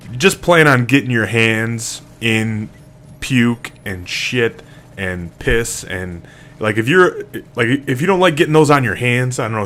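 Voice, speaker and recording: A man's voice: fairly low pitch, a bit bright. A man casually telling a rambling story to camera, full of fillers, restarts and swearing. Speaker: single father vlogger.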